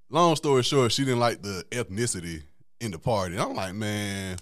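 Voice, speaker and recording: A man's voice: mid-range voice, sing-song, fast talker, a bit bright, dry recording, studio quality. A man hosting a podcast, telling a casual story in a laid-back, slangy way and laughing often. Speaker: podcast host.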